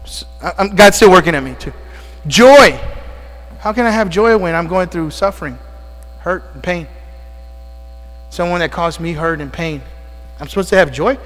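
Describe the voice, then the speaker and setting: A man's voice: sits high, moderate pace, pauses often, a bit bright. A male pastor preaching a sermon, asking the congregation questions and calling out amens, sounding out of breath. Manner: call-and-response preaching with frequent amens and questions. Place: church sanctuary. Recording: long church reverb with mains hum.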